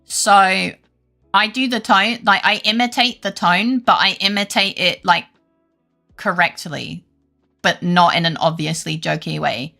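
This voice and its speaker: A British woman talks to her live viewers in a loose, rambling way, swearing freely and poking fun at herself. Her voice is bright and sharp, with a gravelly crackle at the ends of phrases. Soft music plays quietly behind her. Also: mid-range voice, a little slow. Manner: rambling, sweary, self-deprecating, laughs often. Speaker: live streamer. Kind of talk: casual chat with live viewers.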